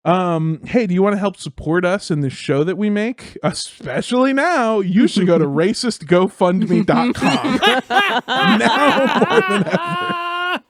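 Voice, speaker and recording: A man's voice: high voice, lively intonation, normal speed, few pauses. A young man co-hosting a podcast, chatting casually with crude jokes and lots of swearing. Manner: crude, jokey, swears often. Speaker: podcast co-host. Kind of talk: casual comedic podcast chat.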